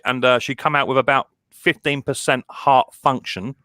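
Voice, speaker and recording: A man hosting a casual live stream chat, rambling and halting, with many restarts and fillers. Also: medium pitch, steady tone, pushed and bright, no room sound, clean studio sound.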